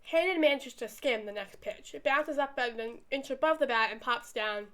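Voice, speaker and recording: A young adult woman streamer reading a visual novel aloud in a lively, animated way. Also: high-pitched, normal speed.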